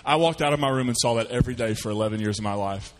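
Folksy pastor in a reverberant church. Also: male voice, medium pitch, racing. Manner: folksy storytelling with lively voiced asides. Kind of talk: sermon.

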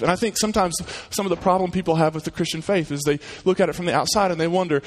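Male pastor with a slightly higher voice, delivering a relaxed, conversational sermon with restarts. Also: racing, hardly any pauses. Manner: conversational storyteller with repeated restarts. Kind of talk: sermon and prayer.

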